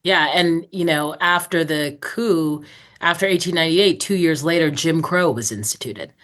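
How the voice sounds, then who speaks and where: A woman documentary filmmaker answering interview questions in a measured, matter-of-fact way. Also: low-pitched, fairly bright tone. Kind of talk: interview conversation.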